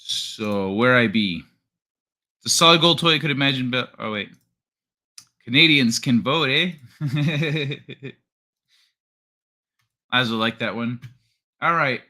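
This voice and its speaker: A man's voice: mid-range voice, animated, takes it slowly, pauses often, sharp tone. A man hosting a livestream, chatting casually, swearing and stumbling as he reads news aloud. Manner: swears, stumbles over read text. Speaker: livestream host.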